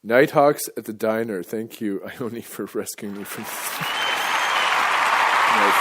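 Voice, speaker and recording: A man's voice: medium pitch, expressive, very slow, long pauses, noisy background. A man rambling through live stand-up banter and laughing at his own slips at a venue with an audience. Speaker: comedian and kirtan singer. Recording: live show with music and crowd. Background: guitar music and a crowd.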